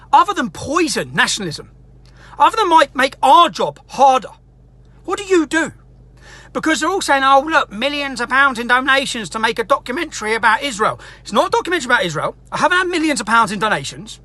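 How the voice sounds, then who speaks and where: A woman's voice: on the high side, pushed and bright. A woman delivering an angry, indignant rant, swearing as she goes. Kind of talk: angry ranting monologue.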